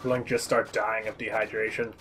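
A man's voice: lowish voice, little pitch movement, moderate pace, background noise. A man co-commentating a friend's gameplay casually, joking, laughing and giving advice. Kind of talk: casual let's-play commentary. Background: game music.

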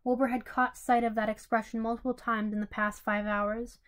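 A woman narrating a fanfiction story in an even way, with small slips and restarts. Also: on the high side, normal speed. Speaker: story reader.

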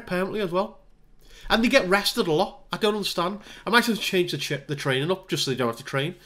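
A man giving casual let's-play commentary on a football management game, chatting through the match with wry asides and bursts of excitement. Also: sits high. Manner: wry, self-deprecating asides. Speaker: gaming video creator.

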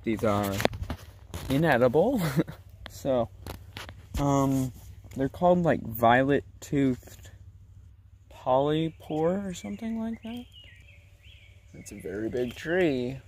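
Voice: mid-range voice, lively intonation, slow pace, pauses often, darkish tone. A vlogger rambling and joking to viewers while hiking through the woods, filmed on a handheld camera. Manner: giggly, joking, talking to viewers. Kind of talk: rambling solo hiking vlog. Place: outdoors in woods. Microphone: handheld camera mic. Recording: clear outdoor nature noise.

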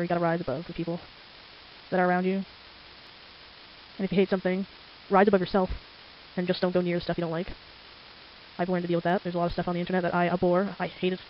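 A teenager talks quickly and rambles, drifting from one thing to the next. The nose sounds stuffy and congested. The home microphone recording is dull and lo-fi, with a faint hiss underneath. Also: mid-range voice. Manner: chatty, rambling, easily sidetracked. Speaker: amateur artist. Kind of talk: casual rambling narration while drawing. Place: home at night. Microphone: desktop microphone.

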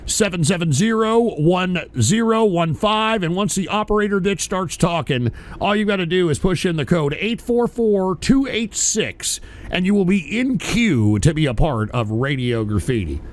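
A man's voice: high voice, animated, moderate pace. A man hosting a casual live stream, talking in a profane, brash and rambling way. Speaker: host.

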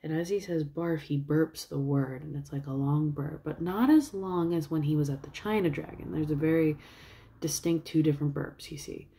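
Low-voiced woman rambling through a movie plot. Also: normal speed, creaky, mellow, a little hiss or hum. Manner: rambling, with many fillers. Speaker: vlogger. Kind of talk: casual retelling of a movie plot.

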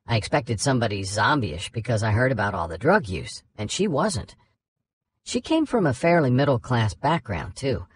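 A man narrating a nonfiction true-crime audiobook, reading first-person interview recollections in a conversational way. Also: medium pitch.

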